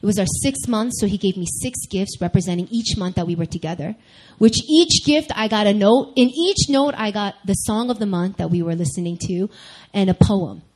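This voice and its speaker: A woman's voice: medium pitch, fairly quick, rough recording. A young adult woman preaching to a church group, weaving a personal story into the sermon and talking straight to her listeners. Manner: animated storyteller, addresses listeners directly. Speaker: speaker at a church group meeting.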